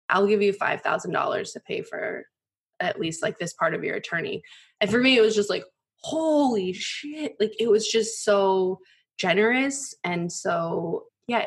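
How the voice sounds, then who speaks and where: Chatty woman telling candid stories. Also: lowish voice. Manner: animated, frequent "like" fillers, mimics voices in quotes. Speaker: guest, poker journalist. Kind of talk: candid conversational storytelling.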